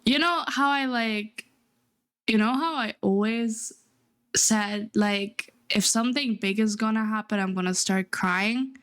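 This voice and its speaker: Teary young woman streamer, high voice. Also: measured pace, a bit bright, clean tone. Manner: emotional, teary, swearing. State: near tears. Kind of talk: casual chat.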